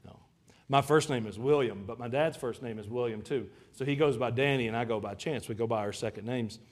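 A man's voice: medium pitch, fairly quick. Guy preaching a sermon in church, chatty, cracks jokes, trips over his words and repeats them. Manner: conversational with joking asides. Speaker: pastor. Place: church service before a congregation.

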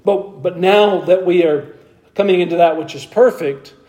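A man's voice: sits high, normal speed, warm tone. A male pastor giving an expository sermon, reading long scripture passages aloud and then explaining them with rhetorical questions. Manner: asks the congregation rhetorical questions.

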